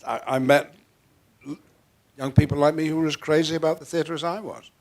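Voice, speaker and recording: Older actor, RP with northern traces. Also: male voice, a little high, fairly even intonation, brisk. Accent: Received Pronunciation with faint northern English traces. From Northwest England. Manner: theatrical, playful, with frequent restarts and sudden swings in loudness. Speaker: guest actor. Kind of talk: onstage interview conversation. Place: theatre stage before an audience.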